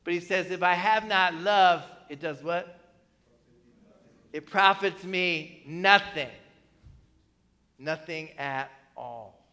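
Long pauses and a slow pace mark this pastor's high, bright and forceful delivery. He keeps his sermon conversational, questioning his listeners and often tacking on "right?", while a church hall's long reverb fills the recording.

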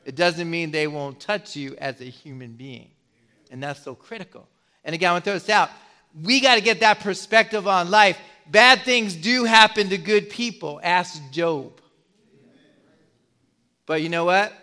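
A middle-aged man preaching a sermon as a pastor, putting questions to the congregation and pausing for effect. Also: high voice, pushed and bright, clean tone.

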